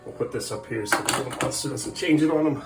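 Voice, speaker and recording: A man's voice: medium pitch, fast talker. A father talks his way through a casual family vlog at home. He coaxes and teases his small children in an everyday, playful voice. Faint music plays in the background. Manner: coaxing and bantering with small children. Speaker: father vlogging his day with his sons.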